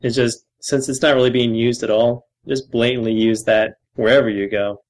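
A man's voice: mid-range voice, little pitch movement, moderate pace, poor audio. Male co-host, wry teasing tone, easygoing podcast chatter. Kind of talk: casual podcast banter.

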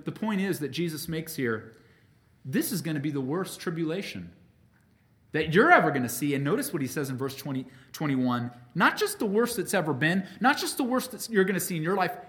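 A male pastor delivers an emphatic sermon in a lively, animated voice that climbs high and falls low. He leans hard on key words, then drops almost to a murmur. He speaks straight to his congregation and calls them friends. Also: fairly quick. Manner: emphatic preaching with wide swings between loud peaks and quiet drops.

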